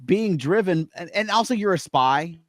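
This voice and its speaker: Wry, slightly high male co-host. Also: expressive, normal speed, dry recording, clean studio sound. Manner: wry, joking. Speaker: podcast co-host. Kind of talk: casual chat.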